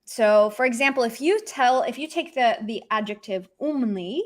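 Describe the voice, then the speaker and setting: A woman's voice: a little high, moderate pace. A woman teaching an online language lesson, talking in a chatty way and acting out sarcastic examples.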